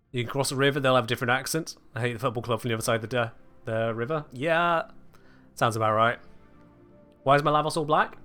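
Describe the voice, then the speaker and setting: A man's voice: mid-range voice, fairly bright tone. A British man chatting casually with his viewers on a game live stream, answering chat with wry humor. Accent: British English. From United Kingdom.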